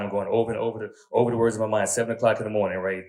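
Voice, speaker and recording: A man in his thirties doing a stand-up comedy set, telling crude stories in a conversational way and checking in with the crowd with quick asides. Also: on the low side, flat delivery, darkish tone. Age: 30s. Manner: conversational storytelling, crude punchlines, frequent "right?" asides.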